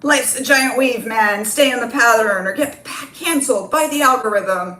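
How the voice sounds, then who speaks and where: A woman's voice: on the high side, normal speed, sharp tone, roomy sound, voice pushed up. A woman doing a cocky gym bro. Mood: smug. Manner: cocky, know-it-all. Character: smug young gym-bro man.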